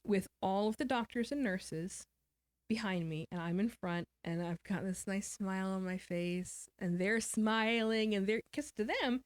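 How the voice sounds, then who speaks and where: A woman speaks candidly as an interview guest, recounting a hard personal story. Her voice sits at a middle pitch and is recorded close and dry, with no room sound. She drops into a somber tone at the painful parts and slips in quick quotes of other people. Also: no echo. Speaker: guest author.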